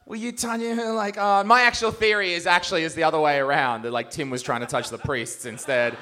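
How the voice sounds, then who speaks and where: A man's voice: fairly high pitch, steady tone, a little fast, sharp tone. A man doing live stand-up on a comedy stage, roasting people in the audience with crude, mocking banter.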